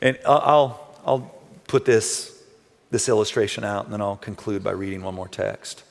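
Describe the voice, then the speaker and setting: A man's voice: fairly low pitch, normal speed, vocal fry. A male pastor preaching a sermon in a loose, conversational way, full of rhetorical questions and asides. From Texas. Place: large church hall. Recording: long hall reverb.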